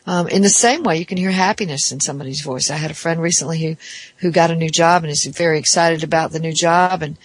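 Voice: mid-range voice, fast, dry recording. A therapist giving a reflective podcast talk, explaining ideas step by step in a thoughtful way.

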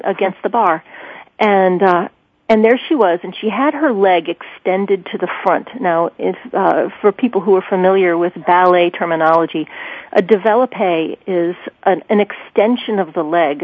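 A woman guest in an interview, recalling a story with animated swings in pitch. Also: dry recording. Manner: animated, pitch leaps when quoting herself. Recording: tinny phone line.

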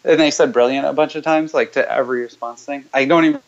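A man hosting a call-in coaching show, chatting loosely and then reciting repeated clearing statements in a low, steady way. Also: fast talker, muffled recording. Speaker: host leading callers through clearing statements.

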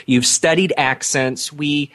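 Man, show host, Philadelphia accent, earnest, fairly high voice. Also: fairly even intonation, slow pace, fairly bright tone. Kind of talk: interview questions.

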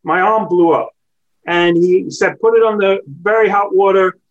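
A man with a high voice phones in to chat with a host. He tells his story loosely and keeps correcting himself partway through his sentences. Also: steady tone, moderate pace, muffled recording. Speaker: caller.

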